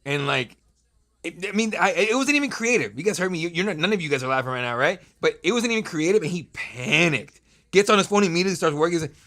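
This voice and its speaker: A man's voice: medium pitch, quick pace, pushed and bright. A man in his thirties hosting a live draft stream, chatting loosely with viewers and joking with crude remarks. He talks from a home streaming setup into a desk mic. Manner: loose, joking, profane banter with chat. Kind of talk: casual live-stream commentary.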